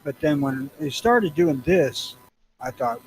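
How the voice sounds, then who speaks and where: A man's voice: fairly high pitch, animated, slow pace, darkish tone, slight background noise, rough recording. A middle-aged man from Missouri with a Southern accent, rambling crudely and profanely as a podcast co-host. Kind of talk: casual chat.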